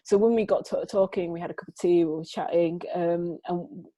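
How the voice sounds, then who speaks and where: A woman with a lowish, mellow voice talks through her photography in an animated, storytelling way, often restarting her sentences. She is heard over a dry-sounding video call. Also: fairly quick, no echo, poor audio. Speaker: photographer, guest. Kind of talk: conversational interview storytelling. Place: home, remote conversation.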